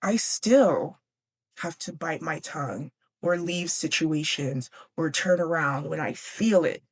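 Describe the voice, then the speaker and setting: A woman's voice: sits low, takes it slowly, husky, full character voice. A woman voicing a patient, earnest middle-aged mother giving advice.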